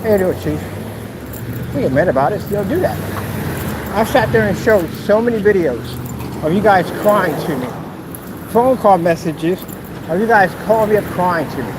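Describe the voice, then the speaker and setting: A man's voice: high-pitched, lively intonation, moderate pace, pauses often. A man talking casually while walking outdoors, mocking and teasing in a playful way. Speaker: vlogger. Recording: outdoor traffic noise.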